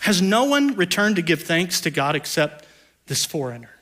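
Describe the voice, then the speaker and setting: Pastor guy preaching, really high voice, goes hushed then loud, jokey asides. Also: big pitch swings, moderate pace. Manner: dynamic preaching, swings between hushed low lines and loud raised ones; playful asides in a conversational tone. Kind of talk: sermon.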